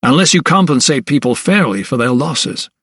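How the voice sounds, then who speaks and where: A man's voice: medium pitch, expressive, moderate pace, a bit bright, slightly rough, no room sound, clean studio sound. A man doing an indignant young doctor. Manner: heated, pleading, indignant. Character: hot-tempered young male doctor, indignant.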